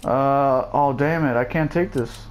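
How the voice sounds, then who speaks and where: A young man giving jokey, excitable let's play commentary, with loud bursts of surprise. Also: medium pitch, a little slow. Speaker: gameplay commentator. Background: family noise and faint game music.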